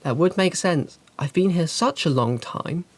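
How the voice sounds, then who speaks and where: Woman voicing a gentle young elf ghost. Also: on the low side, expressive, measured pace, slightly rough. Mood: wistful pleading. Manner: gentle, polite, wistful. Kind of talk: game master voicing an NPC.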